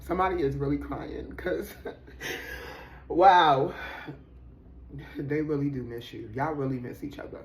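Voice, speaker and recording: A woman's voice: extremely low pitch, slight background noise. A woman doing a casual tarot reading for viewers, slangy and profane, talking with lots of feeling and laughing often. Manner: slangy, profane, animated and emotional; laughs often, addresses viewers as sis and y'all. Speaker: tarot reader.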